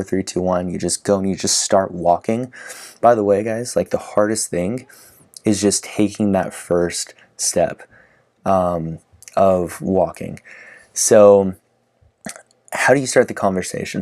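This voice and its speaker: A man's voice: sits low, a little mellow. A man teaching dating advice in a casual, conversational way, acting out sample lines with frequent fillers. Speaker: dating coach. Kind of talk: casual instructional talk to camera.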